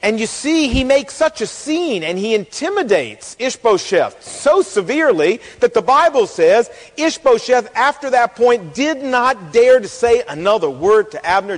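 High-voiced preacher in a reverberant hall. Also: male voice, measured pace, hardly any pauses. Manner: folksy, animated storytelling with acted-out quotes. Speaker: pastor. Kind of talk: sermon.

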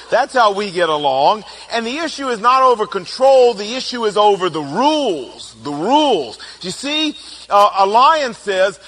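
A middle-aged man giving a humorous, animated talk, telling family stories and acting out quotes. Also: high voice, moderate pace, slight background noise. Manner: animated storytelling, playful, acts out quotes. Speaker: speaker on personality types.

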